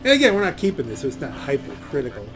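A man's voice: medium pitch, wildly swooping pitch, racing, music in the background. A man giving casual gameplay commentary, reading in-game dialogue aloud and muttering asides to himself. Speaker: let's play gamer.

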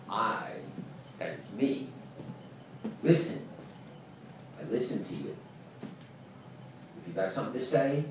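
A man's voice: mid-range voice, a little mellow. A man doing a rambling stand-up set, swinging between mumbling and ranting, recorded from far off in a small club. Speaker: stand-up comedian. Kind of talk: open-mic stand-up set. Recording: echoey club from far off, noisy.

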